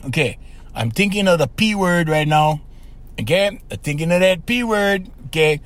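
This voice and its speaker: Podcast guy giving dating advice, kinda high voice, super animated, keeps saying okay and right. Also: moderate pace. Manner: lively, emphatic, repeats "okay" and "right". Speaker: podcast host. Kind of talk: casual advice monologue.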